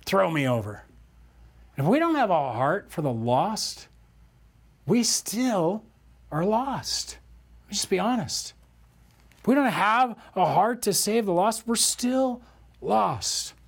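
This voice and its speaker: A man preaching a sermon as a pastor, animated and acting out the voices he quotes. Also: high-pitched, takes it slowly, long pauses, slightly rough.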